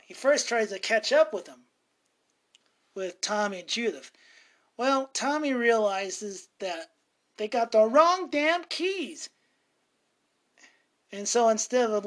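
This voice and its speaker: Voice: mid-range voice, a bit bright. A speaker casually recapping a horror movie in a rambling way, often correcting themselves mid-sentence. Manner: rambling, frequently self-correcting.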